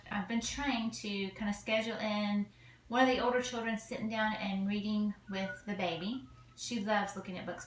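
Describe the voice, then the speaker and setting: Southern US woman, thirties, homeschooling mom vlogging casually, folksy and chatty, roomy home sound with faint hum. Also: medium pitch. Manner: chatty, folksy, frequent ums and uhs. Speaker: vlogger, homeschooling mother of five. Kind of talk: casual chat to camera. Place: home, indoors.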